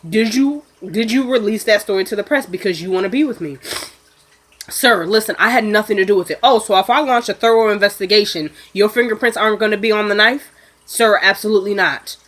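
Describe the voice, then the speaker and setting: In a casual chat, a sniffly woman with a bright-ish, mid-range voice recaps a TV episode, slipping into the characters' lines in quick asides.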